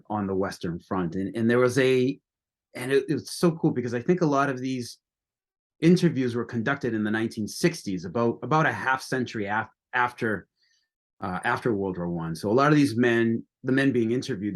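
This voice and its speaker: A man from the United States talking casually as a podcast guest, rambling with many restarts. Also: fairly low pitch. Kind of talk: casual conversation.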